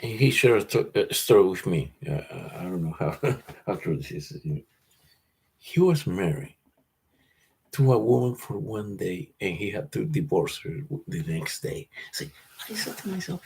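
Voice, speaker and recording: A man's voice: on the low side, sing-song, measured pace, breathy edge. A man telling a rambling personal story, repeating words as he restarts his sentences, swearing, and laughing now and then. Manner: repetitive restarts, agitated, swears, laughs often.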